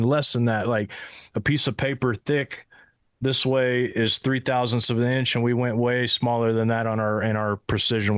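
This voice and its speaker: A man's voice: mid-range voice, dry recording, studio quality. A man hosting an interview, asking rambling questions with many restarts. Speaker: host interviewer. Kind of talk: interview conversation.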